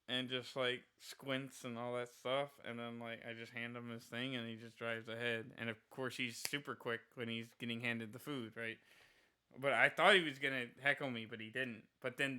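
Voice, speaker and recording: A man streaming live rambles through a rant in a bright, sharp voice. His tone is crisp and clear, and his talk is casual and profane, laced with constant "like" fillers. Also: medium pitch.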